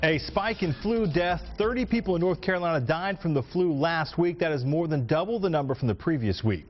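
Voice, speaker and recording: A man reading news headlines as an anchor, in a crisp, measured way. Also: a little high, animated. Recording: dull lo-fi broadcast audio with faint music.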